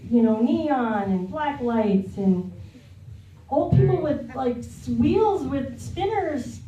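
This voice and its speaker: A woman's voice: high-pitched, lively intonation, takes it slowly, warm tone, echoey room, distant mic, poor audio. A woman in her thirties doing a stand-up set on a comedy club stage, telling a rambling, confessional story. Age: 30s.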